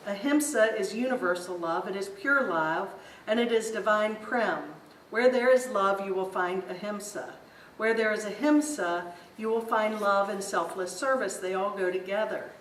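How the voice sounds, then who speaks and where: A woman's voice: medium pitch, a bit bright. A woman giving an informal spiritual talk to a group in a meeting room, telling stories in a chatty way and laughing easily. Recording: roomy echo, distant mic, faint hiss.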